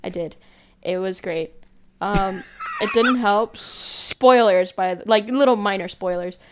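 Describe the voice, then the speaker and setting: A woman's voice: medium pitch, unhurried, background noise. A woman co-hosting a podcast in casual chat, rambling and laughing often. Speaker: podcast co-host.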